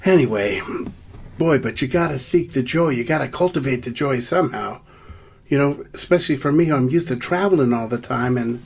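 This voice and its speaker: A man's voice: medium pitch, fairly quick. A man telling a self-deprecating funny story in a chatty way before leading a prayer song. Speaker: musician and comedian. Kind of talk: comic storytelling and sung prayer. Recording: music clearly heard behind the voice. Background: guitar.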